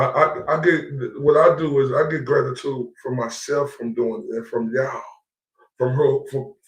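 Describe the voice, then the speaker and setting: A man's voice: mid-range voice, a little mellow, far from the mic. A man streaming live, ranting defiantly with profanity and repetition. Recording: echoey room, away from the mic.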